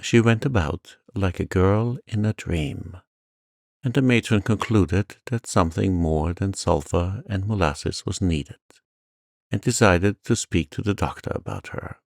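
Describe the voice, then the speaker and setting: A man reading a bedtime story in a soft, soothing way, close to the mic. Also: sits low, measured pace, gravelly, no room sound. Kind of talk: calm bedtime story narration.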